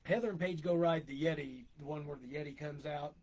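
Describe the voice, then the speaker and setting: Middle-aged male podcast co-host, husky voice, rambling casual storyteller. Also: a little high, a little fast, a little mellow, low-quality recording. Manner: rambling, laughs often, acts out quoted lines.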